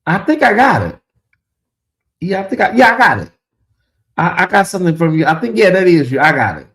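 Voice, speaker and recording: A man's voice: high-pitched, very animated, fairly quick, fairly bright tone. Chatty man hosting a casual livestream. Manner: chatty, drawling, reads viewer comments aloud; talks to the audience as "y'all". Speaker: livestream host. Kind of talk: casual late-night livestream chat.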